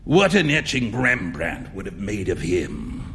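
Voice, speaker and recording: A man's voice: on the low side, sing-song, a little slow, fairly bright tone, husky, in a large hall, pitched below the performer's own voice, heavily acted. A man reading a story aloud, voicing a flamboyant, self-assured male painter with theatrical, emphatic exclamations. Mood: boisterous.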